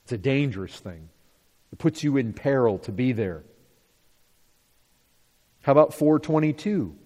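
A man's voice: mid-range voice, animated, a little slow, warm tone. A man teaching from the Bible to an audience, emphatic, asking rhetorical questions and repeating his points. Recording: long hall reverb.

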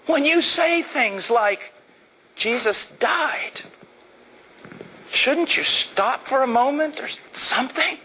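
Male preacher, high forceful voice, fiery emphatic sermon delivery. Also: expressive, husky, poor audio. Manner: emphatic, rises to shouting, slows down for stress.

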